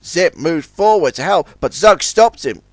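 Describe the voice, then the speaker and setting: A man's voice: fairly high pitch, lively intonation, measured pace, dry recording. A man reading a children's story aloud as narrator, switching between character voices.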